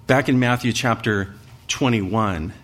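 A man's voice: on the low side, slow pace, fairly bright tone. A man preaching a sermon, reading scripture aloud with emphasis and asking his listeners rhetorical questions. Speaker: pastor. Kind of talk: sermon, expository Bible teaching.

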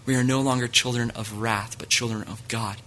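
A man's voice: medium pitch, fairly even intonation, fairly quick, bright, forceful tone, slight background noise. A man preaching a sermon in an earnest way, reading scripture aloud to his listeners.

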